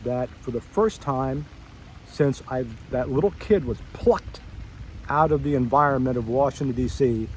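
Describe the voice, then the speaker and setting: A middle-aged man tells old classmates a story from his school years, wandering off into asides and correcting himself as he goes. He acts out his younger self's surprised reactions, and a faint noise sits behind the mid-pitched voice. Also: unhurried, rough recording. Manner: storytelling, acts out his own past reactions with rising excitement. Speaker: former student addressing a school reunion. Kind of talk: personal reminiscence to old classmates.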